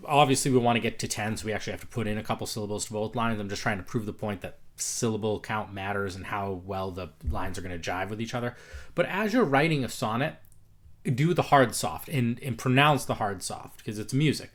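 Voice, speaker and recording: A man hosting a casual spoken critique of viewer poetry, reflective, reading verse lines slowly aloud to test their rhythm. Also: mid-range voice, expressive, a bit bright.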